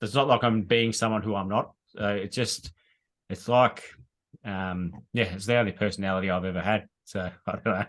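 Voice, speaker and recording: A man's voice: fairly low pitch, fairly even intonation, normal speed, fairly bright tone. A man in his thirties with an Australian accent, answering casually as a guest with hesitant phrasing and many fillers. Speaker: guest, landscaper. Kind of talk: casual podcast chat.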